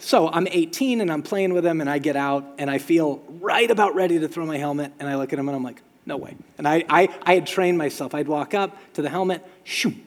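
A man preaching a sermon as pastor, telling stories with lively sound effects. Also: a little high, brisk, hardly any pauses, in a large hall. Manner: storytelling, animated with sound effects.

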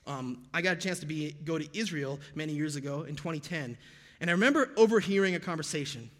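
A man's voice: on the high side, expressive, fast talker, a bit bright, big-room sound. An American man preaching a sermon as pastor, conversational and sprinkled with jokey pop-culture asides. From United States.

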